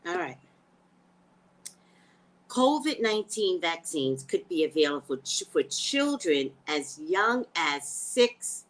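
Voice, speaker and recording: A woman's voice: on the low side, sing-song, slow, noisy background. A woman psychic hosting a live news chat, blunt and emotional, swearing freely. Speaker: psychic host.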